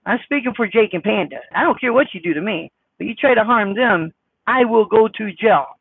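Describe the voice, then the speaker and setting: A man with a squeaky, very high voice and a gravelly edge talks blunt and folksy, answering his chat. The sound is thin and phone-like, with no room around it. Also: lively intonation, brisk. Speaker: trucker vlogger reading live chat. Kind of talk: casual live-stream chat.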